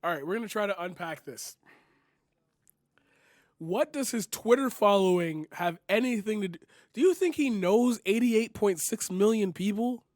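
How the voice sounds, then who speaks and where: A man's voice: sits high, animated, normal speed, a little mellow, dry recording, clean studio sound. A young man reacting to clips, sarcastic and incredulous, swearing freely and filling his talk with "like" and "bro". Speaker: commentary streamer. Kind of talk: reaction commentary.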